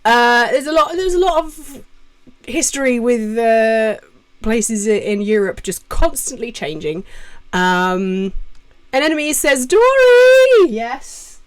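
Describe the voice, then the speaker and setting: A woman's voice: on the high side, slow. Chatty British woman streaming from home. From Britain. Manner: chatty and self-interrupting, reading chat names aloud. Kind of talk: casual live-stream Q&A chat. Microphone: desk mic with adjustable gain.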